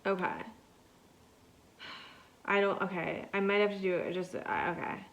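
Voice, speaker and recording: A woman's voice: mid-range voice, fairly even intonation, normal speed, creaky, muffled recording. A woman hosting a podcast, telling a story in a loose, rambling way and saying "like" constantly. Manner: rambling, chatty, heavy use of "like". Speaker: podcast host. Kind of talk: casual solo storytelling.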